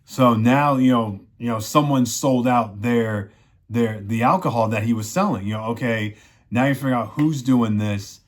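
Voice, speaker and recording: A man's voice: medium pitch, moderate pace. Regular guy rambling thru a show recap, tons of you knows, mid voice. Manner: rambling, full of "you know" fillers. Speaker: show reviewer. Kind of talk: casual plot recap.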